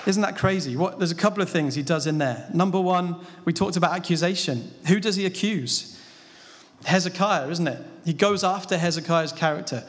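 A man with a high voice preaches briskly on a Bible passage. He keeps it conversational and asks rhetorical questions, and the audio has the long reverb of a big hall.

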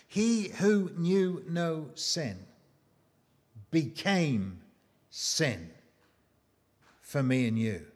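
A man preaching a sermon, slow and emphatic, with dramatic pauses and rhetorical questions. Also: high-pitched.

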